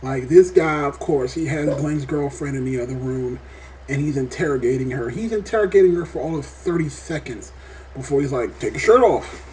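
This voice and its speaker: A man reviewing a TV episode in a casual vlog, talking in an animated, rambling way and swearing often. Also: mid-range voice, brisk, slight background noise. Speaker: TV show reviewer.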